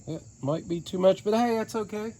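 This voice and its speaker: A man's voice: sits high, moderate pace, warm tone. A man with a Southern Appalachian accent, talking viewers through a boat repair in a folksy, joking way while he works outdoors. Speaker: DIY boat-repair vlogger. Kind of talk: casual how-to narration while working. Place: outdoors beside a boat on the ground.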